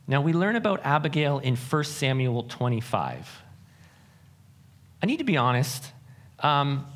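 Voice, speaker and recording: A male pastor preaching to his congregation with an earnest, self-deprecating way of talking. His pitch rises and falls in an animated, lively way, and he often stops to restart a thought. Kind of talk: sermon.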